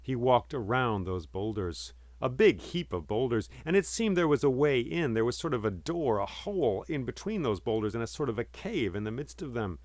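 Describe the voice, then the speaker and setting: A man telling a folk tale in a measured, dramatic and vivid way. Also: medium pitch, sing-song, darkish tone, no echo. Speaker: storyteller. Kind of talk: oral storytelling.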